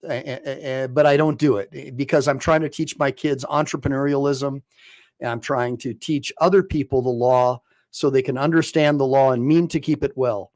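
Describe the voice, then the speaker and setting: Rambling American lawyer hosting a livestream. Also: male voice, mid-range voice, fairly even intonation, normal speed, a little mellow. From United States. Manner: rambling, with frequent restarts. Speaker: attorney and livestream host. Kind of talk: casual livestream talk.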